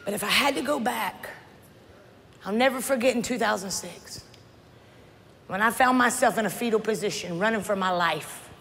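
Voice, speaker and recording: A woman, preaching a sermon with humor, often shouting. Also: mid-range voice, normal speed, creaky, pauses often, a little hiss or hum. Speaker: pastor. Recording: church hall reverb with faint crowd.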